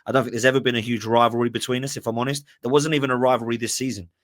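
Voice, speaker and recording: A man's voice: medium pitch, level tone, rapid-fire, a bit bright. A man on a football podcast panel, an Arsenal fan talking in a chatty way and often adding "right?". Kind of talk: casual football debate.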